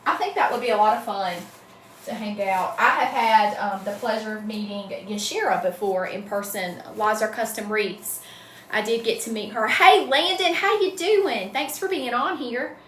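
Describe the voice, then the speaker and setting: Southern woman, middle-aged, bright-pitched, chatty livestream host in an echoey room with faint hum. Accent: Southern American. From Southern US, North Carolina. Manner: chatty, greets viewers by name, says y'all. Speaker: wreath-making livestream host. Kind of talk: casual livestream chat.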